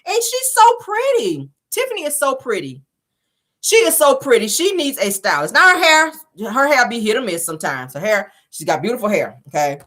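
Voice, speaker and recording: A woman gives sassy, animated commentary as the host of a show. Her pitch swings up and down a lot, and she laughs easily between her remarks. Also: brisk. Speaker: host reviewing a reality show. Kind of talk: casual commentary.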